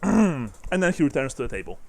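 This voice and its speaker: A man narrating as game master of a tabletop role-playing game, casual and halting, swearing and laughing now and then. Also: medium pitch, very animated, vocal fry.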